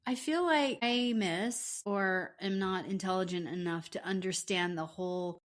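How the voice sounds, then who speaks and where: A woman co-hosting a podcast in casual chat, agreeable and quick with short replies. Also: mid-range voice. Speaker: podcast co-host.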